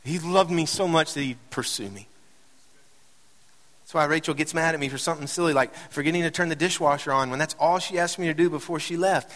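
A man's voice: on the high side, fairly quick, a bit bright. A middle-aged man preaching a sermon as a pastor, conversational with light joking asides, building to impassioned emphasis. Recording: reverberant hall.

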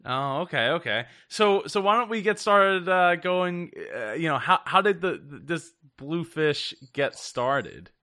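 A man's voice: fairly high pitch, expressive, unhurried, hardly any pauses, pushed and bright, dry recording, studio quality. A man hosting an interview podcast, friendly but often stumbling and restarting his questions. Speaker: podcast host.

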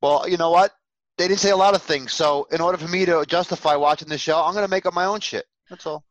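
A man's voice: on the high side, quick pace, fairly bright tone, lo-fi sound, a little hiss or hum. A man co-hosting a casual TV show discussion, talking in a sarcastic, blunt way.

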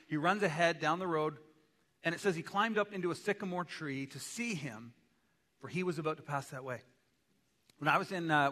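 Male pastor, sermon, chatty with quips, tense bright tone, boomy hall tail. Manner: conversational, with joking asides. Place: church sanctuary. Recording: long church hall reverb.

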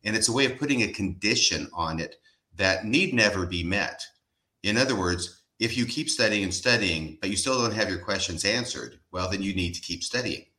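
A low-pitched man hosts a relaxed podcast chat. His voice sounds forceful and bright, and it rings in a roomy space. He talks with a dry, joking edge. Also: moderate pace. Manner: wry, joking asides. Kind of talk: casual podcast discussion.

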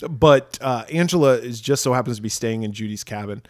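A man's voice: mid-range voice, expressive, normal speed, no room sound, clean studio sound. A man co-hosting a podcast, casually retelling a horror film's plot with plenty of swearing. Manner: swears freely, retells scenes with acted quotes. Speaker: podcast co-host. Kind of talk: casual film discussion.

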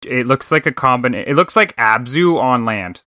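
A man with a Canadian accent hosting a casual gaming chat, rambling, swearing freely and thinking out loud. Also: mid-range voice, lively intonation, moderate pace, no room sound, clean studio sound. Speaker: podcast host.

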